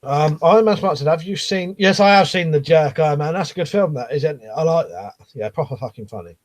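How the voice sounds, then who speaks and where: A man's voice: a little high, a little fast. A middle-aged man chatting casually on a live stream, reading out viewer comments and rambling, swearing freely.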